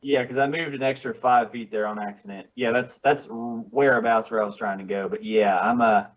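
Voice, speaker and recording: A man's voice: medium pitch, steady tone, normal speed, muffled recording. A man playing a tabletop game, talking hesitantly and swearing casually. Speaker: player.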